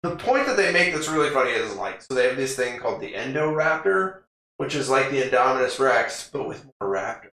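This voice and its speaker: A rambling, laugh-prone man co-hosting a podcast, recounting a film in loose casual chat with a bright, forceful tone. His voice rings around a very echoey room, and he swears freely as he goes. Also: medium pitch, very animated, fairly quick. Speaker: podcast co-host. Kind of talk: casual movie recap chat.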